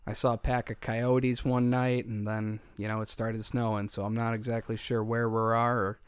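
A man's voice: mid-range voice, little pitch movement, normal speed, clean tone, no room sound. A man hosting a comedic podcast in casual chat, swearing freely and laughing often, with a small audience in the room. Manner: profane, joking, laughs often. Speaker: podcast host.

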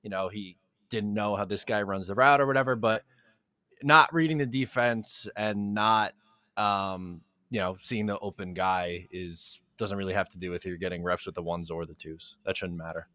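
A man's voice: fairly low pitch, steady tone, moderate pace, sharp tone, dry recording. Matter-of-fact man, dry close sound. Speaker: podcast co-host. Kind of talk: casual sports talk.

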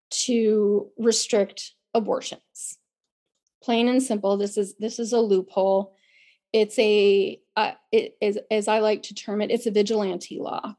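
A woman's voice: medium pitch, mellow. A woman co-hosting a podcast, talking earnestly in a casual way, often restarting and repeating words, her voice a little worn as she loses it. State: losing her voice. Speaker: podcast co-host.

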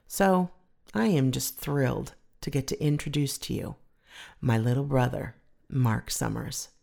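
A woman's voice: rumbling low, a little slow, gravelly, darkish tone. A woman podcast host giving a recorded intro, speaking in a fond, reflective storytelling way.

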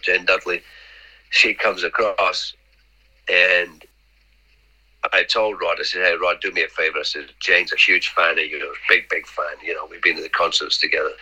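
A man's voice: low voice, sharp tone, slightly rough, rough recording. A middle-aged man, a podcast guest rambling through anecdotes, repeating words and acting out the dialogue. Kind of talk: casual anecdotal storytelling.

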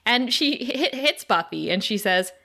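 Woman co-host, bright tone, animated and quick to laugh, casual swearing. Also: fairly high pitch. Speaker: podcast co-host. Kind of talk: casual chat.

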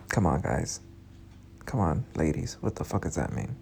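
A man's voice: very deep voice, very animated, moderate pace, creaky, a little mellow. A young man in his twenties telling a casual story, frank and profane, talking straight to his listeners. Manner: frank, profane, talks to the audience directly. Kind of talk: casual storytime, swearing freely.

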